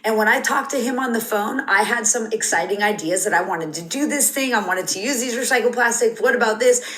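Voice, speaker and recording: A woman's voice: fairly high pitch, fairly quick, a bit bright, roomy sound, low-quality recording. A woman guest on a podcast, telling a reflective story in an earnest, rambling way with plenty of "like" and "you know".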